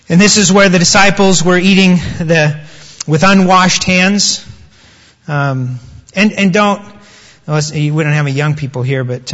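Male preacher, high-pitched, drawn-out emphasis on key words, dull roomy church recording. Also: fairly bright tone. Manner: conversational preaching, stretches quoted words, restarts. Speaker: pastor. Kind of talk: sermon.

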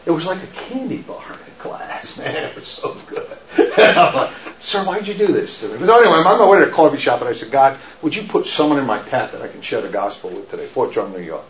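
A middle-aged man telling stories to an audience, laughing often and shouting when he acts out quotes. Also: medium pitch, animated, fast talker. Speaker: speaker giving a faith talk. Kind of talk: storytelling talk to an audience. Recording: roomy, dull lo-fi sound.

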